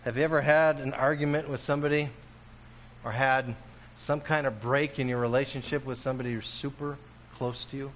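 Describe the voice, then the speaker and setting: A male pastor preaching a sermon, dropping to hushed, slow lines and then rising to loud, emphatic declarations. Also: medium pitch, fairly even intonation, slight background noise. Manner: swings between hushed, slow passages and loud, emphatic bursts.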